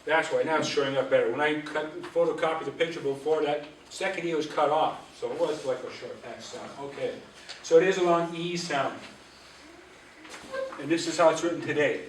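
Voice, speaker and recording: A man teaching an Ojibwe language class, patiently drilling syllables and repeating words slowly. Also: a little high, a little hiss or hum. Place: library auditorium. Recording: echoey room, voice from a distance.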